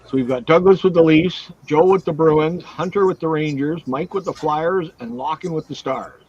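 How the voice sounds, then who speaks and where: A man hosts a card-break livestream, calling out cards and teams in an easy running patter. His voice is on the higher side for a man. It has a husky, slightly rough edge. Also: normal speed, dull audio. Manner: reads out cards and teams in a steady run. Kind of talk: casual livestream chat.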